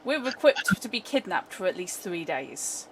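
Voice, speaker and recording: A woman's voice: on the low side, sing-song, normal speed, fairly bright tone, a little hiss or hum, rough recording. A woman playing in a tabletop game, chatting casually in a wry, talkative way. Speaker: player.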